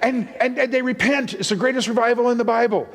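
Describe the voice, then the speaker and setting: A man's voice: extremely high pitch, fairly even intonation, fast talker, creaky, a bit bright. A man preaching as a guest speaker to a live church audience, playful and full of puns, acting out voices as he teaches. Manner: playful, punning, acts out voices. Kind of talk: sermon teaching. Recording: long reverb of a church hall.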